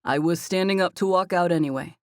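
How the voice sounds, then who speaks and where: A woman voicing a playful, confident young man who jokes around in a relaxed, teasing way, in a slightly lower version of her own voice. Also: fairly quick, no echo, studio quality, lightly acted. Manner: teasing, relaxed, self-assured.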